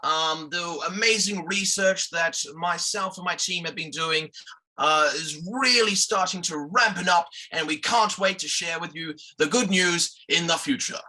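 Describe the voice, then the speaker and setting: Guy doing a proper lady doctor speech, formal and a bit halting, bright tone. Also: a little high, full character voice, low-quality recording. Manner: formal, hesitant speech-giving.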